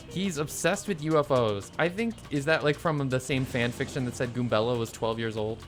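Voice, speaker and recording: This let's play streamer has a medium-pitched voice, a moderate pace, and few pauses as he rambles casually over his gameplay. Irritation makes him sarcastic and sweary, and game music plays faintly in the background.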